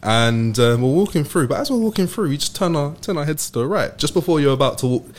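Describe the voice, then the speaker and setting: A man's voice: fairly high pitch, lively intonation, fast. A man recounting a trip in casual chat. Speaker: friend telling a travel story.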